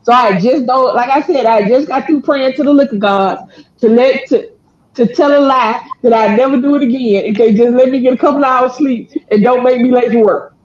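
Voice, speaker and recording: A woman's voice: fairly high pitch, moderate pace, a little hiss or hum. A woman telling a family story in casual, slangy chat, acting out quotes and laughing often. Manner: animated, laughing, slangy delivery with acted-out quotes. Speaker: storyteller, channel co-host. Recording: dull lo-fi sound.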